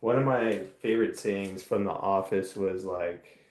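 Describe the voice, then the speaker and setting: A man hosting a casual livestream, answering chat in a rambling, soft-spoken way that trails off. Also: deep voice, measured pace, roomy sound. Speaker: livestream host. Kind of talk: casual live-stream chat, reading chat questions.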